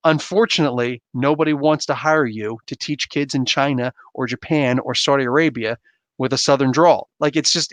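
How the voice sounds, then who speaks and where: Animated man, dry close sound. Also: fairly high pitch, dry recording. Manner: animated, rambling, frequent asides and laughs. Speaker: podcast host. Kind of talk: casual chat answering viewer questions.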